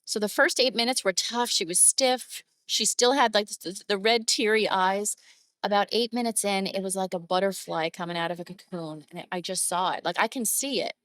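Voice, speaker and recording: A woman's voice: mid-range voice, moderate pace, no echo. A woman photographer guest on an interview podcast, telling stories conversationally and animating her clients' words. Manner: warm, emotive, animated when quoting clients.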